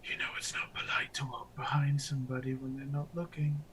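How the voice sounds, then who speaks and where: A creepy, mocking whisper slipping into a victim's thoughts, as a man puts it on in whispered role-play. It is unvoiced, close and taunting, with a bright edge and a faint noise bed. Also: medium pitch, level tone, fairly quick, lightly acted. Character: sinister male whisper in a mind, mocking.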